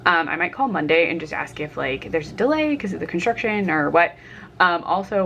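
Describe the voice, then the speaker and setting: A woman's voice: lowish voice, lively intonation, brisk, fairly bright tone, a little hiss or hum. A young woman chatting casually about her reading at home while cooking lunch, with many fillers and frequent laughs. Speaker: book vlogger. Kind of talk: casual reading vlog chat.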